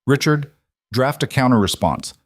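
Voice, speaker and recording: A man's voice: medium pitch, animated, normal speed, dry recording, studio quality, voice pushed up, natural voice. A man voicing a curt, demanding billionaire executive who speaks in short commanding lines.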